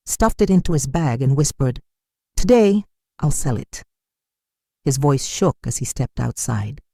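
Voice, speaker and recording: An unhurried, dramatic storyteller reading a scripted tale. The voice is dark and mellow, and its pitch rises and falls a great deal. The sound is dry and close, with no room around it. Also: vocal fry, dry recording. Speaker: narrator.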